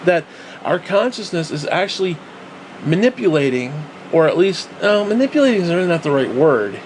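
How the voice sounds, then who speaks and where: A man vents in a rambling vlog rant, swearing freely and circling back on his own points with sarcastic asides. His voice sits a little high for a man. A faint hum runs underneath the recording. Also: very animated, moderate pace. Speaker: vlogger. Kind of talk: ranting monologue.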